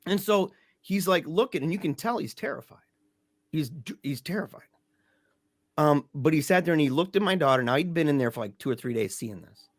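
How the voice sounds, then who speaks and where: With a higher-pitched, lively voice and a brisk pace, a grieving father tells a podcast about a painful family story. He lives in Michigan and speaks casually and emphatically, sprinkling in "dude" and "man," and the recording is dry and clean, studio grade.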